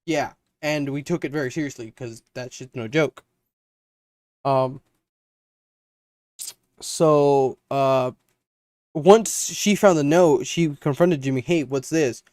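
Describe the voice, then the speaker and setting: A man's voice: mid-range voice, slow, long pauses, a little mellow, no echo, clean studio sound. Rambling young man telling a story. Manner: rambling, acts out friends' lines in quotes. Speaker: podcast co-host. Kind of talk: casual storytelling chat.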